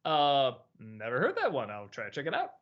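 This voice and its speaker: A man's voice: medium pitch, wildly swooping pitch, a little fast, highs cut off. A man hosting a casual live-stream chat, answering viewer questions with many fillers, restarts and easy laughs.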